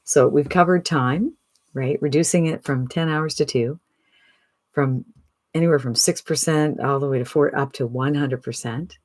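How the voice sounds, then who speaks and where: A speaker in their sixties giving an upbeat, chatty sales pitch to camera, often tossing in a rhetorical "right?". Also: moderate pace, no room sound. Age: 60s. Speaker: online business promoter.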